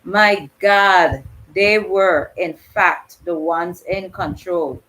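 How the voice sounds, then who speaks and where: A woman with a Crucian Virgin Islands accent reading the part of an earnest, grieving Crucian woman, at a slow, emotional pace. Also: fairly low pitch, a bit bright, rough recording. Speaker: reader voicing a dialogue character. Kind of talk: dramatic reading of a dialogue.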